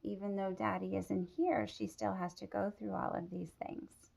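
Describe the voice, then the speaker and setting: A woman reading a picture book aloud to children, teacherly and pausing to ask them questions. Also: mid-range voice, flat delivery, creaky, a little mellow. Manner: teacherly, asks the listeners questions. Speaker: storybook reader.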